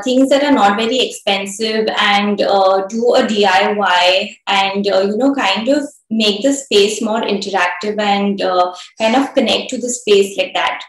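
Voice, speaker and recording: A woman answering audience questions in a live online session, hesitant and full of fillers. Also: medium pitch. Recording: echoey video call audio.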